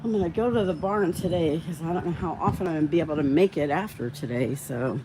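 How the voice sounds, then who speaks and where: Low-pitched and fast, this livestream host talks over background noise. She reads out viewer comments in her casual stream and grows heated discussing the treatment of dogs.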